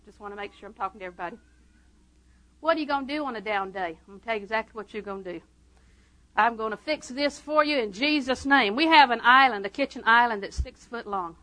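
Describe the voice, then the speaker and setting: A woman preaching a sermon, telling stories with humor and swinging between quiet asides and loud proclamation. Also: fairly high pitch, rough recording. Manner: humorous, conversational.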